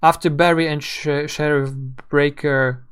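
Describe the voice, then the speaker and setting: Halting, word-searching man streamer. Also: on the high side, little pitch movement, fairly bright tone, clear, resonant tone. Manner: rambling, halting, searching for words. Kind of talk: casual live game commentary.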